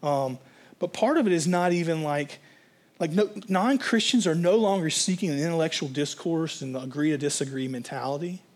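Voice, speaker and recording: A man's voice: a little high, normal speed. A man preaching a sermon as a pastor, in a conversational, rambling way with fillers and restarts.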